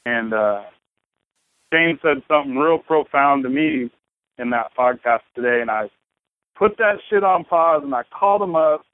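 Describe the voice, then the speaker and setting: A man's voice: medium pitch, lively intonation, moderate pace, no echo. Profane, rambling man on a tinny line. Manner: casual and profane, rambling storyteller. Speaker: podcast guest. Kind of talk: casual conversation.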